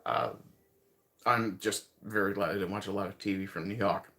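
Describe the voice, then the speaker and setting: Man, light Newfoundland accent, fairly low voice, rambling casual livestream chat, chuckles. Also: normal speed, bright, forceful tone. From Newfoundland, Canada. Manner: rambling, chuckling, thinking aloud. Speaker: livestream host.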